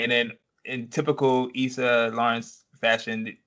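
A man's voice: mid-range voice, fairly quick, fairly bright tone. A man co-hosting a casual podcast chat, recapping a TV episode in a laid-back way and swearing freely. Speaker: podcast co-host.

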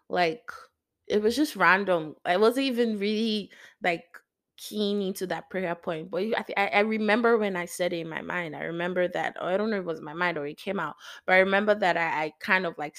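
A woman in a casual devotional vlog, chatting straight to her viewers about prayer and scripture. She talks in an excitable, rambling way, full of fillers and side remarks, at a middle pitch with a gravelly, creaky edge. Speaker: faith vlogger.

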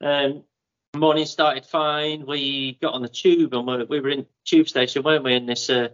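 A man's voice: mid-range voice, fairly even intonation, normal speed, a bit bright, highs cut off. A man co-hosting a running podcast, telling a rambling, playful anecdote. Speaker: podcast co-host. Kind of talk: casual chat.

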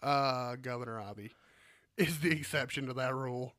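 A man's voice: medium pitch, moderate pace, fairly bright tone. A man with an Alabama Southern accent, co-hosting a podcast in crude, joking casual chat and laughing often. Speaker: podcast co-host.

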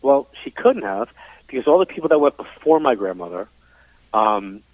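Heard on a dry, tinny phone-like line with no room sound, a psychic medium from New York recounts his story in a relaxed interview. His mid-range voice is very animated and moves at a normal speed. He's talkative and candid, uses many fillers, and acts out what people said.

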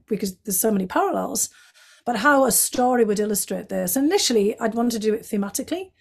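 A woman from Northeast England with a Northeast English accent, a guest telling stories from her life in a chatty way, full of "you know" and lively quotes of other people. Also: medium pitch. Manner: chatty, many "you know" fillers, animated quoting of others. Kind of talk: reflective storytelling in conversation.

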